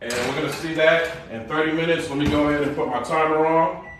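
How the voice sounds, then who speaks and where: In his home kitchen, a middle-aged man hosts a casual live cooking demo, loose and chatty as he calls out to viewers. His voice is fairly high with fairly even intonation, and he talks fast. The room is echoey and the background noisy.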